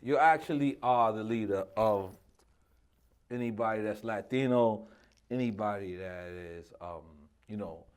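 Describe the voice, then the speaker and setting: A man from Queens, New York, talking as an interview guest in an excitable, emotional way and laughing often. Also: lowish voice, unhurried, clean tone. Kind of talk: casual interview chat.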